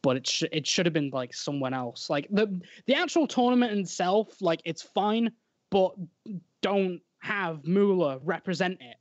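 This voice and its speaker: A man's voice: high voice, lively intonation, a little slow, dry recording. A man co-hosting a casual podcast, rambling with lots of fillers. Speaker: podcast co-host. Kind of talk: casual wrestling podcast chat. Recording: dry, dull lo-fi audio.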